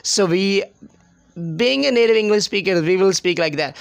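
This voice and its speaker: A man's voice: high-pitched, lively intonation, moderate pace, gravelly, smooth, no room sound. A man from Pakistan with a Pakistani accent, giving an informal English speaking lesson and patiently repeating example phrases.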